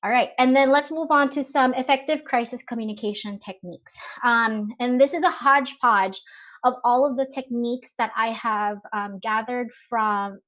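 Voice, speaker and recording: A woman's voice: fairly high pitch, moderate pace, fairly bright tone. A woman speaking on a live webinar, talking in a conversational way with many fillers and rhetorical questions. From Philippines.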